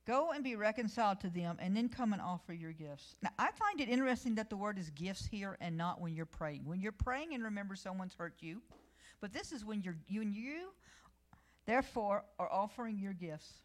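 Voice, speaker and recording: A woman's voice: medium pitch, lively intonation, fairly quick. A middle-aged woman preaching a sermon, telling personal stories and reading scripture with rising emphasis.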